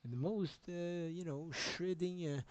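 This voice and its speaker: A man's voice: sits high, a little slow, darkish tone, no room sound, rough recording. A man streaming, talking in a rambling, agitated monologue with a lot of swearing.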